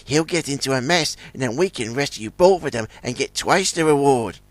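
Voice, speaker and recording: A man's voice: medium pitch, expressive, normal speed, no echo, close to an everyday voice. A man voicing a crafty, scheming male tugboat in a children's story. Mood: sly. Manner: crafty, sneering.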